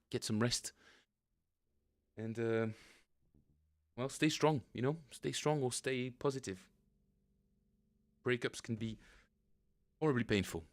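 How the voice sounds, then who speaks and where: A middle-aged man with a fairly low voice talks loosely to his live-stream viewers about his basses and practice. He rambles, corrects himself mid-sentence and chuckles often, in the relaxed tone of a home practice room. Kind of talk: casual live-stream chat answering viewers.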